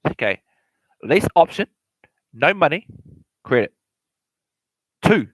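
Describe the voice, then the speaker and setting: This real estate explainer speaks slowly in a voice on the high side with big pitch swings, captured dry and at low quality. His casual take on investing is repetitive and stumbling, broken up by frequent laughs.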